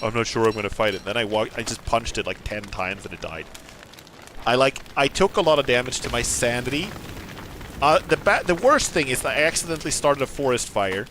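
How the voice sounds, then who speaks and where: A man streaming a video game, commenting casually, excitable, swearing and laughing often. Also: medium pitch, a little fast, slight background noise. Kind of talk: let's play commentary.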